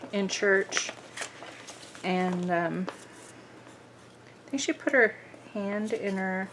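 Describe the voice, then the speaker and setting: A woman's voice: mid-range voice, a bit bright, slight background noise. A middle-aged woman chatting casually as she works on a craft journal, rambling with lots of fillers. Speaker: craft vlogger. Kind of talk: casual chat while crafting.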